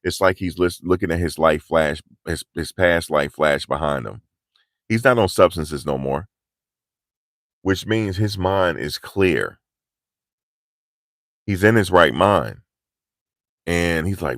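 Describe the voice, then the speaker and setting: Male vlogger, low voice, animated and slangy, live outdoors, dry close sound. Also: takes it slowly, long pauses, dry recording. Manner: animated, slangy, pushing energy. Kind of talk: live street commentary. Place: outdoors in cold, rainy weather.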